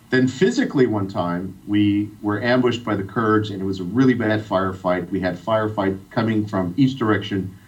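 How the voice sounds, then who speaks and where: A middle-aged man from Iran telling a heartfelt personal story as a guest on a radio interview. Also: lowish voice. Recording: distant, dull radio sound.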